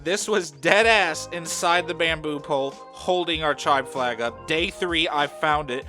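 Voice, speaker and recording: Guy rambling thru a story, high bright voice, crude slang. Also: a little slow, soft background music. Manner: rambling, lots of "you know", crude slang. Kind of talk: casual story narration.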